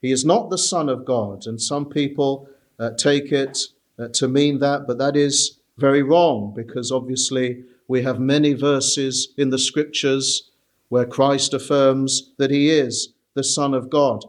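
A man preaching an expository sermon in a measured, earnest way, pausing often with "uh". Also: medium pitch, fairly even intonation. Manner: measured, earnest, with frequent "uh" pauses.

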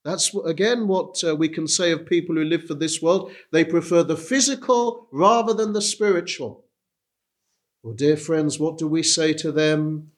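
A man's voice: fairly high pitch, moderate pace. A man preaching a sermon, earnest and pleading, repeating key phrases for emphasis. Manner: earnest, repetitive pleading delivery.

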